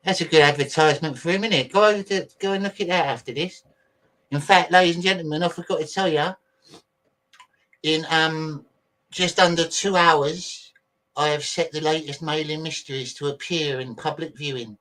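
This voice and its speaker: Bloke rambling on his livestream, bit high-pitched, swears a lot, chatty. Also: steady tone, normal speed, bright, forceful tone. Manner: talks to viewers while fiddling with videos. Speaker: livestream host. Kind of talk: casual livestream chat.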